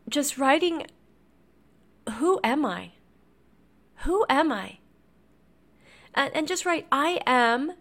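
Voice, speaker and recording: A woman podcast host telling a teaching story in an earnest, reflective way, with frequent restarts. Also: fairly high pitch. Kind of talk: motivational storytelling.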